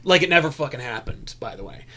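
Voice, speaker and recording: A man's voice: on the high side, expressive, fast talker, fairly bright tone. A young adult man co-hosting a podcast, telling a rambling story full of restarts in casual chat. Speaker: podcast co-host.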